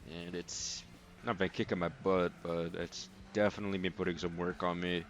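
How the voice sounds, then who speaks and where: A young man casually commenting on a racing game as he plays, rambling and relaxed with lots of filler words. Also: low-pitched, moderate pace, a little hiss or hum. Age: young adult. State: sleepy, yawning. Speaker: let's play host.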